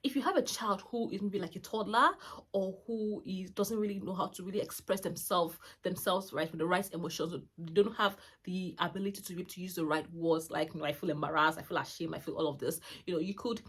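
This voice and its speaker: A woman's voice: medium pitch, fairly even intonation, brisk, slightly rough. A woman around forty hosting her own channel, sharing parenting advice in a chatty, rambling way full of fillers and restarts. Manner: warm-hearted, chatty, lots of fillers and restarts. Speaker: channel host, mother. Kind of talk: casual parenting talk to camera.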